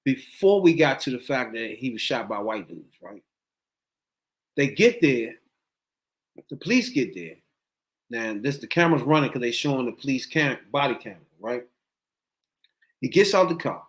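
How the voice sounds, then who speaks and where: Animated slangy male podcast host. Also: medium pitch. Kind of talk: casual storytelling chat.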